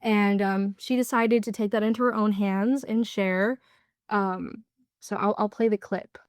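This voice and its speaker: A woman's voice: mid-range voice, steady tone, unhurried, clear, resonant tone, no room sound, clean studio sound. A young woman giving a casual class presentation, explaining with lots of fillers. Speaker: student presenter.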